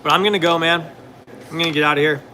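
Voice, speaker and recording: Bright, rambling young man chatting. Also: fairly high pitch, fairly even intonation, quick pace, a little hiss or hum. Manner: rambling, filler-heavy, laid-back; answers questions from viewers. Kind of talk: casual chat.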